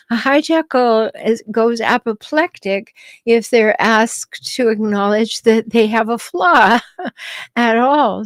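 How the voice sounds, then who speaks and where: A middle-aged woman hosting a podcast, calmly answering listener questions with advice and the odd light laugh. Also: medium pitch, no echo. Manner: calm, advising, light laughs, some restarts. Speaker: podcast host and relationship advisor.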